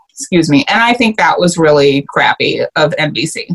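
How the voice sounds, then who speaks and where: Lower-voiced chatty woman co-host. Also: expressive, moderate pace, rough recording. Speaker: podcast co-host. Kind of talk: casual chat.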